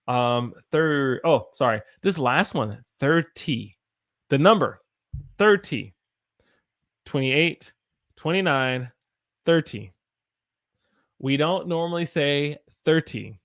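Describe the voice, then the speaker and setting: A man's voice: a little high, expressive, normal speed, fairly bright tone, no echo. A man with an American accent giving a casual livestream English pronunciation lesson, repeating words to demonstrate them. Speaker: English teacher.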